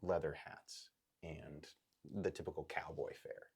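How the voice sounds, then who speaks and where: Male game master, very low voice, rambling and hesitant delivery. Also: little pitch movement, a little mellow, slightly rough. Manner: halting, full of ums and likes. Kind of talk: narrating a tabletop game.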